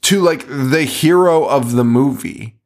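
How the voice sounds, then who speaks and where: A podcast host with a mid-range male voice talks at a measured pace. He recaps a movie in casual conversation, swearing a lot and laughing in disbelief as he tells the story.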